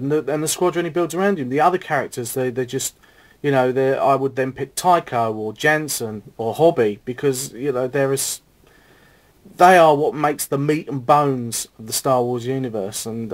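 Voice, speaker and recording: An enthusiastic middle-aged man talks through questions in a casual home video. His speech wanders, full of fillers and restarts. His voice sits at a medium pitch.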